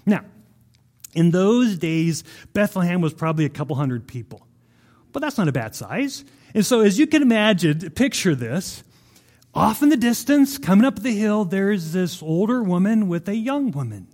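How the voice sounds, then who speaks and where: Male pastor, high voice, lively sermon storyteller who acts out the scenes. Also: measured pace. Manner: animated storytelling, vivid retelling of scripture.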